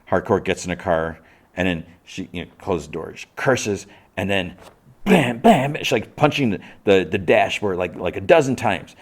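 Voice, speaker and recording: A deep-voiced man hosting a podcast. He recaps casually, rambling through fillers and restarts as he retells scenes. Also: normal speed. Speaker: podcast host.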